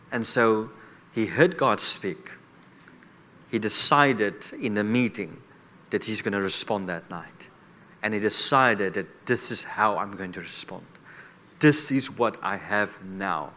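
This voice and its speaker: A man's voice: fairly low pitch, lively intonation, a little slow, bright, forceful tone. A man preaching a sermon as a guest speaker, repeating rhetorical questions to the congregation.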